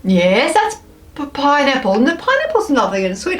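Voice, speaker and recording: A woman vlogger chatting her way through a taste test, expressive and playful, thinking aloud as she tries each snack. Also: sits high, moderate pace. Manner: playful, with frequent laughs.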